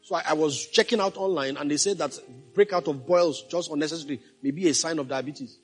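Male pastor, high husky voice, emphatic sermon delivery with repeated refrains, soft music beneath. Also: quick pace. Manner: emphatic, repeats key phrases, asks the congregation questions.

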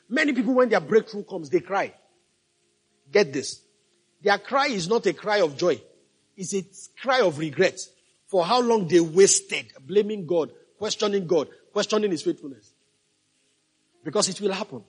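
A man's voice: high-pitched, animated, moderate pace, breathy edge. A male pastor preaching a sermon, emphatic, repeating key phrases and asking the congregation if they follow.

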